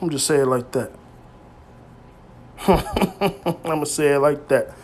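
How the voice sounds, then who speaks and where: A man preaching informally to his brothers, with emphatic, street-style speech that swings between loud exhortation and quiet, low asides. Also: slow. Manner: emphatic and streetwise, peppered with "man" and "hey", swearing freely. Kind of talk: informal scripture teaching.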